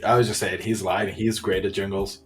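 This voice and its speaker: A man's voice: low voice, level tone, brisk, soft background music. A man joining a casual talk show, adding short supportive remarks. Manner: brief supportive interjections. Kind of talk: casual podcast chat.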